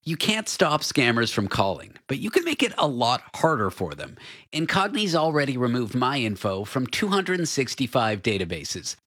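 A man's voice: medium pitch, big pitch swings, moderate pace, fairly bright tone. A man hosting an interview show, joking about himself and reading an ad. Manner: self-deprecating, joking. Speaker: show host. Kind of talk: casual interview and ad read.

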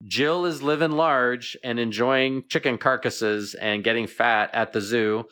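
A middle-aged man, a veterinarian guest, chatting and telling animated stories in a radio interview. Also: medium pitch, a little slow.

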